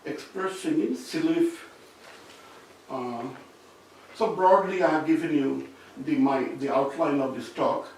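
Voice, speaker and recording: Guy giving a seminar talk, kinda high voice, picked up from far off in a super echoey room. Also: a little slow, pauses often, darkish tone, slight background noise. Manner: explanatory, circling back to rephrase points. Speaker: seminar speaker. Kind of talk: academic lecture. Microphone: distant room mic.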